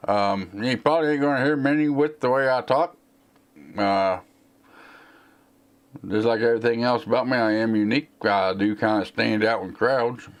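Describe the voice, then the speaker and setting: A man with a Southern American accent and a slight slur, rambling casually as he answers viewer questions on a live tech stream. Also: medium pitch. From United States. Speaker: tech channel host.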